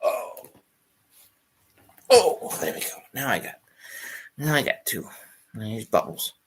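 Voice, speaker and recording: A man's voice: fairly low pitch, animated, a little slow, vocal fry, fairly bright tone, breathy edge. A man hosting a casual live show from home, rambling and easily sidetracked by his pets. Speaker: host.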